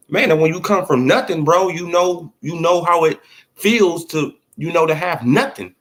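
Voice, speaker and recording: A man's voice: normal speed, a bit bright. Slangy man riffing casually. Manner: loose, slangy, repeats "you feel what I'm saying"; acts out imagined dialogue in swinging pitch. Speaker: boxing commentary vlogger. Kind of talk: casual opinion talk.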